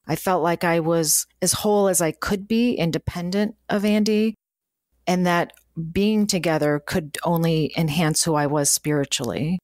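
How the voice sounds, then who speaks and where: A woman's voice: fairly low pitch, moderate pace, darkish tone, dry recording, clean studio sound. A middle-aged woman hosting an interview, answering her guest with affirming, personal reflections. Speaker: podcast host. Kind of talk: conversational interview.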